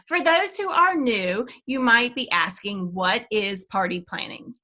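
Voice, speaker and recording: Upbeat middle-aged Southern woman coach, high-ish bright voice, chatty training delivery. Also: expressive, measured pace. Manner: enthusiastic, chatty, laughs at own slips. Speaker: sales trainer, webinar co-host. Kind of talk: upbeat training talk with personal stories.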